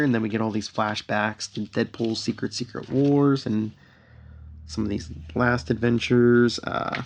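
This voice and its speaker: A man hosting a podcast, animatedly recapping a comic book and reading out the characters' lines with lively emphasis. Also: fairly low pitch, measured pace, vocal fry, a little hiss or hum.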